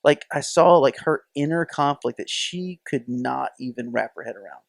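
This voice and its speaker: Gravelly and medium-pitched, a man talks at a moderate pace with no room sound and a clean studio finish. As a podcast co-host in easygoing conversation, he tells lively stories and acts out what the people in them said.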